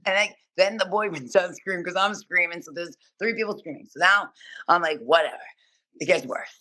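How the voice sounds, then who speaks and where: A woman, a podcast guest telling stories in an animated, profane, rapid-fire way. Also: lowish voice. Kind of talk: casual storytelling interview.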